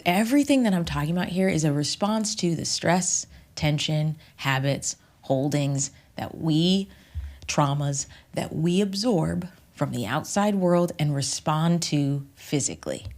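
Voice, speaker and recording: A woman voice teacher and author in a reflective podcast interview, speaking in a measured, emphatic way that sometimes sinks to a whisper. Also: sits low, animated, darkish tone.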